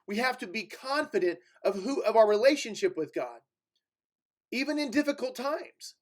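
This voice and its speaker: A man with a fairly high voice delivers a sermon from a church pulpit. He moves between plain teaching talk and weighty scripture reading, pressing hard on key words, with fillers and restarts along the way. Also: expressive, normal speed. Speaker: preacher. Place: church sanctuary.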